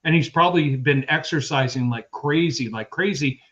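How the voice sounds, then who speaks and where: A man's voice: fairly high pitch, moderate pace, a bit bright, dull audio. A man in his fifties co-hosting a sports podcast, rambling through personal anecdotes in casual chat. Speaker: podcast co-host.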